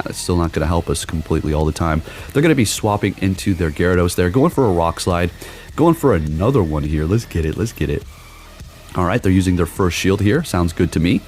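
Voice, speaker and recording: Excitable low-voiced man commentating a game. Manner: excitable, exclaiming, talks to viewers. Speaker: gaming YouTuber. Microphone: desk microphone.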